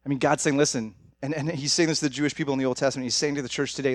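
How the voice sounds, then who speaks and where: Fast-talking young male pastor. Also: mid-range voice, steady tone, no echo. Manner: conversational, direct, addresses audience as guys. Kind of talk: sermon.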